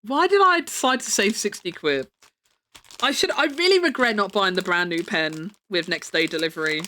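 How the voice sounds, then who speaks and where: Chatty woman streamer, lively pitch. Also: moderate pace. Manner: chatty, rambling, laughs often. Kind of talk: casual live-stream chat.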